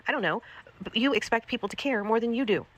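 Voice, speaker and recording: A woman's voice: a little high, fast talker, a bit bright. A woman hosting a commentary livestream, ranting in an exasperated, profane way, repeating herself.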